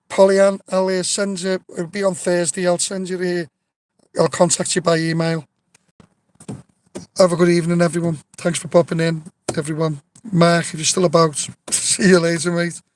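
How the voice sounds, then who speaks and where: A man's voice: high-pitched, flat delivery, normal speed, pauses often, poor audio. A man with a somewhat raised voice chats loosely to his viewers on a phone live stream outdoors. He rambles through anecdotes, swears casually and stumbles over restarts, with a faint hiss of open air behind him. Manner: rambling storyteller, swears freely, many restarts. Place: outdoors near an old tree.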